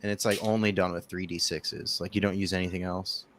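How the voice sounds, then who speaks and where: A man chatting casually as a guest, relaxed and opinionated, with hesitant fillers. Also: deep voice, a little fast, slight background noise. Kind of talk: casual chat.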